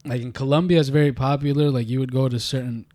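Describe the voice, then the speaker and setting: A man talking quickly in a loose group conversation. He rambles and piles up fillers as he works through his thoughts. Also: mid-range voice, steady tone, a little mellow. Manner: fast, rambling, many fillers. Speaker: podcast co-host. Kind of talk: casual group chat.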